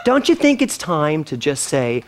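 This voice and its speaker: Lively high-voiced playful male speaker. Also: measured pace, a little hiss or hum. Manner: playful, teasing, theatrical. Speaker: minister. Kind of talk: spiritual talk to a congregation.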